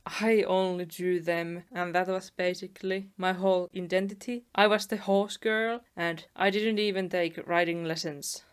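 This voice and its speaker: Woman, twenties, soft casual art-vlog narration, clear voice. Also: mid-range voice. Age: 20s. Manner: soft, chatty, laughs at herself. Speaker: artist vlogger. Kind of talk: casual narration over speedpaint.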